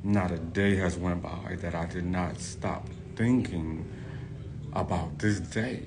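A man's voice: low-pitched, fairly even intonation, takes it slowly, vocal fry, background noise. A hairstylist talking to his followers in a casual, effusive vlog, gushing and repeating himself.

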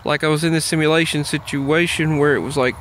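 A man talking on his own in a loose, meandering way, often circling back on his words. His voice sits a little high for a man. Faint noise runs under the recording. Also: steady tone, fast, fairly bright tone. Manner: meandering, many fillers and restarts. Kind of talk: casual rambling monologue.

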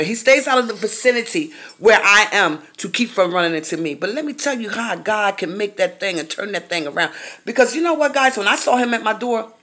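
A woman vlogger giving her viewers a blunt, profane rant. Her voice is bright and forceful, pressing hard on her points. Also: mid-range voice. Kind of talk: casual monologue to viewers.

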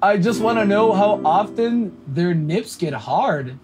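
A man's voice: high-pitched, animated, slow, over music. A man streaming a game and chatting with viewers, slangy and profane and laughing often. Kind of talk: casual livestream chat with viewers.

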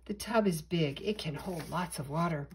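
An older woman reading a children's storybook aloud in an expressive, animated way. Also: low voice, moderate pace, a little hiss or hum, poor audio.

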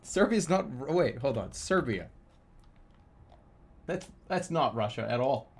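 A man streaming a game, rambling and joking about himself, then breaking into excited shouts. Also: mid-range voice, slow pace, slightly rough. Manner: rambling, self-mocking, bursts into excited shouting. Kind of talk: casual live-stream commentary while gaming.

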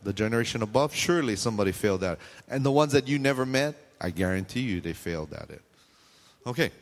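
A male pastor preaching in a church hall, his voice trailing off in a long reverb. He keeps it conversational, tossing jokes and quick questions to the congregation. His pitch sits in an ordinary middle range. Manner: conversational, joking asides to the congregation; frequent questions and call-outs to the audience. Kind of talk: sermon.

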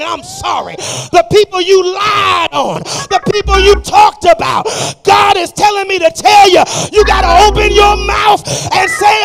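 A man preaching a sermon, shouting in a sing-song cadence in a church sanctuary. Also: very high voice, creaky. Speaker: pastor.

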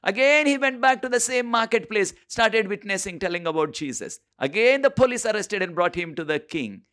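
A man preaching a sermon, telling a story with frequent pauses and repeated phrases. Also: sits high, lively intonation, fairly bright tone. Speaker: preacher and Bible teacher.

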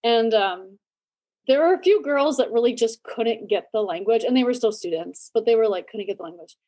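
A woman in her forties hosting a podcast, telling stories in a lively way with quick asides and frequent laughs. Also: on the high side. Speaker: podcast host. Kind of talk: casual chat.

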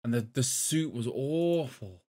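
A man's voice: mid-range voice, animated, unhurried, dark tone. A man co-hosting a gaming podcast, chatting loosely and rambling. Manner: rambling, loose, swears casually. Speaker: podcast co-host. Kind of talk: casual chat.

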